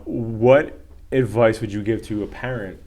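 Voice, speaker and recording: A man with a somewhat low voice hosts a casual interview. He is chatty and enthusiastic and keeps backing his guest up with quick agreement. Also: fairly even intonation, dark tone, slight background noise. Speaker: podcast host.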